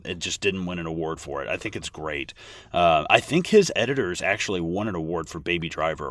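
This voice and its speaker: A man's voice: deep voice, fairly bright tone, dry recording. A man co-hosting a casual movie podcast, rambling with lots of fillers and restarts. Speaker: podcast co-host.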